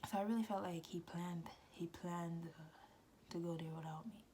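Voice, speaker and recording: Low-voiced young woman telling a story. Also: normal speed, slight background noise. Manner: animated, slangy, shifts into soft breathy asides. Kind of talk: casual storytelling.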